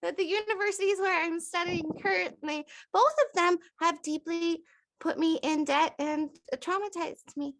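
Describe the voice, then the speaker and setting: A woman's voice: very high voice, steady tone, normal speed, a bit bright. A woman playing in a tabletop game, giggly and self-deprecating in character. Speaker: player. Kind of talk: in-character tabletop role-play.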